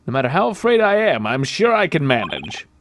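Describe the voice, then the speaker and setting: Male reader as a middle-aged astronaut, earnest and animated, fairly high voice, game music under. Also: fairly quick, a little hiss or hum. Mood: fervent. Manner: earnest, swings from hushed to excited. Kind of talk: reading game dialogue aloud.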